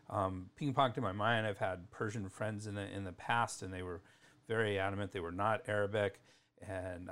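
A middle-aged man hosting a solo educational podcast, talking casually and correcting himself as he goes. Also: medium pitch. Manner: casual, chatty, self-correcting. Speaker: podcast host.

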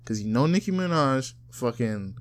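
Animated, profane man in casual chat. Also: moderate pace. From South Florida. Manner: loose, profane, animated, mocks others in high put-on voices. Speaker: podcast co-host.

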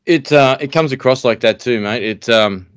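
A man's voice: mid-range voice, normal speed, clear, resonant tone, no echo, studio quality. An Australian man hosting a podcast interview, asking long rambling questions full of fillers. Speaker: podcast host. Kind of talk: casual interview.

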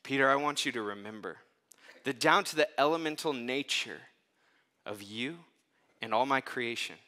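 A man voicing a gentle, forgiving male teacher who speaks softly and tenderly within a sermon. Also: medium pitch, normal speed, close to an everyday voice. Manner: soft and hushed.

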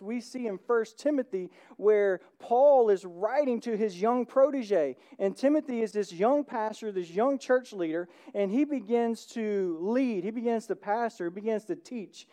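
Casting note: preacher with a warm, mellow tone, chatty sermon delivery, keeps asking the room "right?". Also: mid-range voice. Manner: conversational, often checks in with the congregation; grows animated and excited. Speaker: pastor.

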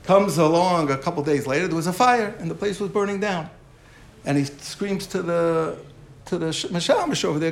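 A man's voice: a little high, moderate pace, gravelly, slight background noise. A man giving a Torah class lecture as the teacher, explaining through a parable and often repeating and restarting his phrases.

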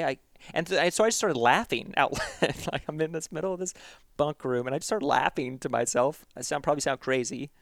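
A man's voice: medium pitch, quick pace, gravelly, a bit bright, no room sound, clean studio sound. A man speaking as a podcast guest, telling personal stories casually with self-deprecating humor and a frequent tag of "right?". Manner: repeats and restarts words while telling stories.

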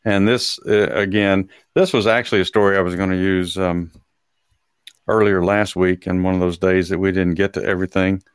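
Man reading news aloud, halting. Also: low voice, level tone, smooth, dry recording, studio quality. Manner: halting, many fillers and restarts. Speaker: podcast host. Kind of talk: casual talk show, reading an article aloud.

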